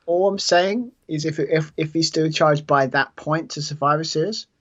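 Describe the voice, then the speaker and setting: A man's voice: a little high, moderate pace, fairly bright tone, lo-fi sound. A man co-hosting a casual game session, chatting and teasing his partner with stumbling restarts. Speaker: co-host.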